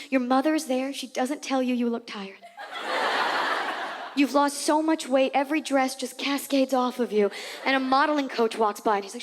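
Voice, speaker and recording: A woman comedian performing an animated, sarcastic stand-up set on a theater stage with a handheld mic. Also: high-pitched, moderate pace, in a large hall. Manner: animated, sarcastic, acts out voices.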